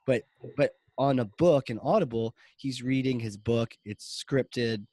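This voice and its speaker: Male podcast host, mid-pitched, chatty and animated, leans on fillers, dry close-miked sound. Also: unhurried, no room sound. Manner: rambling, animated, many "like" fillers. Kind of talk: casual storytelling chat.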